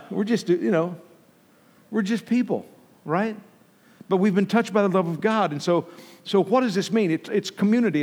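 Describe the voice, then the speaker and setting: Chatty preacher in a ringing church hall. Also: male voice, on the high side. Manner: conversational, restarts and jokes with congregation. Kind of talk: informal sermon. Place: church sanctuary. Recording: long reverb from a church hall.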